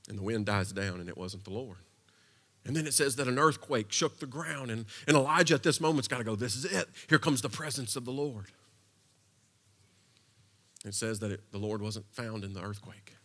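A man preaching a sermon in a conversational way, dropping to a hush and then building to impassioned passages. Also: fairly low pitch, lively intonation, brisk. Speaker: pastor.

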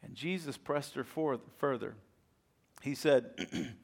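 A man preaching a sermon as a pastor, telling a story with animated, acted-out voices and repeated words when excited. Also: medium pitch, takes it slowly, husky.

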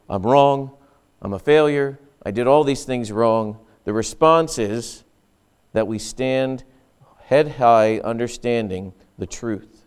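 A man's voice: fairly high pitch, clean tone. A man pastor preaching an earnest, emphatic sermon with frequent restarts.

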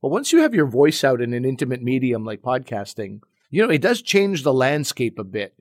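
A man who teaches comedy explains his thinking in an easygoing podcast chat. He sounds relaxed and reflective and peppers his talk with "you know." His voice is recorded close and dry, with no room sound. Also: medium pitch, fairly quick, no echo. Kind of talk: casual podcast conversation.

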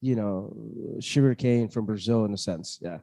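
A man's voice: fairly low pitch, moderate pace, dark tone. A man hosting a podcast interview, chatty and joking, with plenty of "uh" and "like" fillers. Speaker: podcast host. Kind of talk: casual interview chat.

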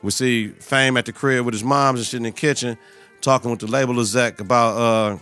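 A man's voice: mid-range voice, fairly even intonation, brisk, a bit bright, clean tone, soft background music. A man hosting a podcast, recapping a TV episode in a casual, profane, slang-heavy way. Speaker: podcast host.

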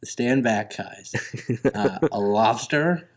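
A man in casual chat who asks questions and cracks jokes while a friend tells a story. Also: lowish voice. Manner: curious, jokey, quick reactions. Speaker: podcast co-host listening.

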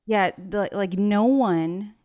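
A woman's voice: mid-range voice, slow, mellow, no room sound. Woman, talk show guest, bubbly, laughs often, casual storytelling, dry sound. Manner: bubbly, laughs a lot, acts out quoted people.

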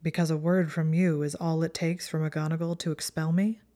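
A woman voicing a guarded, bitter young male wizard, speaking quietly and in clipped phrases. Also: sits low, little pitch movement, moderate pace, natural voice.

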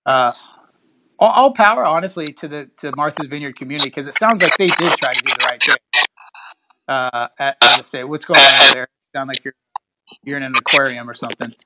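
A man's voice: mid-range voice, fairly even intonation, brisk, heavy background noise. A man hosting a podcast, reading a news article aloud in a casual chatty way, stopping to comment and laughing at the wording. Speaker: podcast host.

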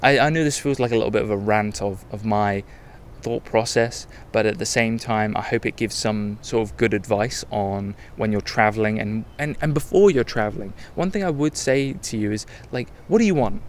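Young guy, podcast host, low-ish voice, candid and rambling, faint ambience behind. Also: normal speed, hardly any pauses, a little hiss or hum. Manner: rambling, candid, self-correcting. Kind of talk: casual travel podcast monologue.

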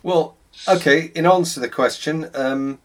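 A man's voice: on the high side, moderate pace, a little hiss or hum. A man hosting a casual podcast chat, dry and teasing, hesitating between phrases. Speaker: podcast host.

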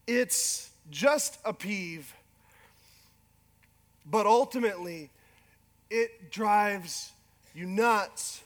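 A middle-aged pastor with a strikingly high voice preaches a sermon, animated and quick with self-deprecating humor, acting out the words of spouses. A long reverb carries his voice through a large church hall.

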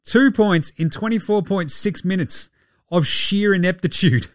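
A man's voice: sits high, unhurried, dry recording, studio quality. A man hosting a casual basketball recap podcast, irreverent and sweary, slipping into mocking voices. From Australia. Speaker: podcast host.

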